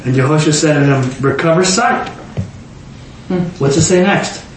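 A young man preaching an informal storytelling sermon, animated and acting out voices with sudden shouts. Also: on the high side, moderate pace. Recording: very echoey room, faint noise.

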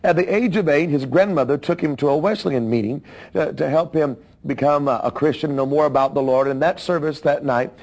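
A man's voice: on the high side, brisk, darkish tone, rough recording. A man telling a preacher's life story in a sermon, with his own asides to the listeners. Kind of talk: biographical sermon narration.

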